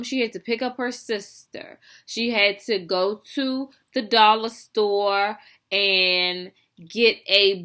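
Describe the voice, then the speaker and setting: Bright, chatty young woman storyteller. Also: mid-range voice. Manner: animated, chatty, heavy with fillers and asides. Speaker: vlogger telling a story. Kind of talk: casual storytelling.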